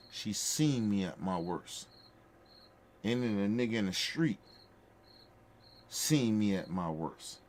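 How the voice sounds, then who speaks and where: Man, podcast host, low voice, casual, emphatic, repetitive, profane. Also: a little mellow, a little hiss or hum. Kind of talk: casual storytelling chat.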